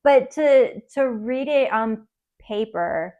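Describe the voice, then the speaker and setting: Woman cohosting a book podcast, kinda high voice, gets emotional, laughs a lot. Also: animated, slow, a little mellow, highs cut off. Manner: emotional, laughs often, acts out quotes. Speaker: podcast co-host. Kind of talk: casual book chat.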